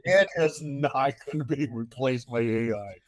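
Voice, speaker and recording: An older man hosting a casual chat, telling a story with animation and loudly acting out the lines he quotes. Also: medium pitch, a little slow.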